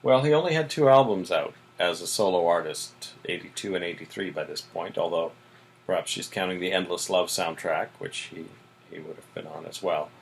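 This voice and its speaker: A man's voice: low voice, normal speed, creaky, slight background noise, rough recording. A man co-hosting a podcast, casually recapping TV episodes and filling in with "mm-hmm". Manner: relaxed, plot-summarizing, frequent "mm-hmm" and "so". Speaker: podcast co-host.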